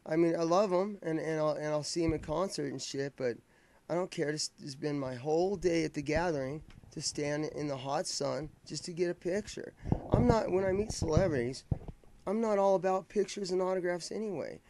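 Talking fairly quickly, a man with a fairly high but darkish-toned voice vlogs a rambling fan story. He curses often and keeps restarting his sentences.

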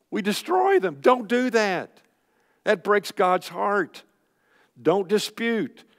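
An older man preaching a sermon at a men's luncheon, folksy and emphatic, firing off rhetorical questions. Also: fairly high pitch. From Texas. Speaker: Christian speaker at a men's luncheon. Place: luncheon hall. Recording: long hall reverb.

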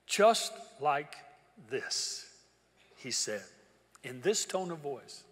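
An older man preaching a sermon as pastor, telling a personal story and swinging from hushed to loud. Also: medium pitch, big pitch swings, slow. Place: large church auditorium. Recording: reverberant church hall with congregation.

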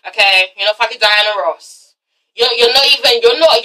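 High bright sassy woman vlogger. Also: recorded from a distance, low-quality recording. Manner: sassy, animated, swears freely, acts out the cast members in quick voices. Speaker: vlogger reviewing a TV show. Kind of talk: casual reality-TV recap.

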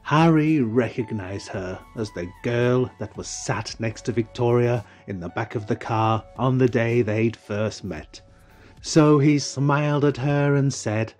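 A man narrating his own story at a slow, wistful pace. His breathy voice rises and falls with lively expression, over a faint bed of music. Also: medium pitch. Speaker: audiobook narrator. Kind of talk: first-person storybook narration.

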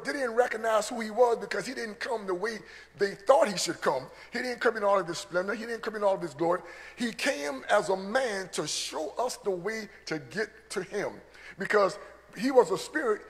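A man preaching a teaching sermon, earnest, often repeating words as he builds a point. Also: high-pitched. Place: church. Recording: long church hall reverb.

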